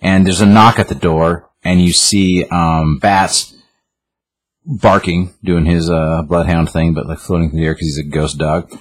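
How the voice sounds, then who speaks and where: A man's voice: low-pitched, fairly even intonation, a little slow. A man hosting a casual chat, recapping a comic book in a rambling way, with lots of filler words. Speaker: podcast host.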